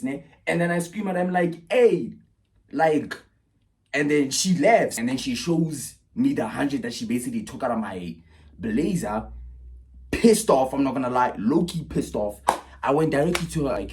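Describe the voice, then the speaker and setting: Animated young man telling a story. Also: normal speed. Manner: animated, swings from loud bursts to low mutters. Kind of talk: casual storytime vlog.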